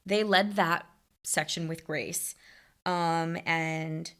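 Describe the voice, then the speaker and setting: A woman co-hosting a podcast, talking casually with a slightly low voice. She agrees readily and playfully quotes lines. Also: fairly even intonation, drawn-out words, fairly bright tone, clear, resonant tone. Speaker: podcast co-host. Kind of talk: casual chat.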